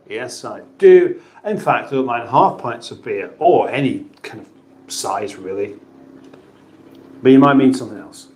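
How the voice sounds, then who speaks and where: A man's voice: mid-range voice, expressive, a little slow, darkish tone. A British man hosting a casual livestream, chatting and joking as he reads out viewer messages. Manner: chatty, jokey, playful voices for chat names. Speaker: livestream host reading chat. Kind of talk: casual live chat. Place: home kitchen. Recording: roomy echo.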